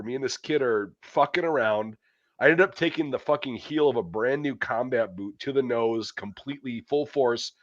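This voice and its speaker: A man's voice: medium pitch, a bit bright, no room sound. A man hosting a podcast, telling a long, profanity-laced anecdote in a casual, rambling way full of fillers. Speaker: podcast host. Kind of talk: casual storytelling chat. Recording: dull, muffled dry audio.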